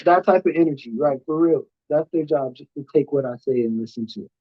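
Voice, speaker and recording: A man telling a long studio story in casual, profane podcast chat, jumping up in pitch whenever he quotes other people. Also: a little fast. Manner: animated, profane, swings pitch when quoting others. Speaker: podcast host. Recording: dull lo-fi sound.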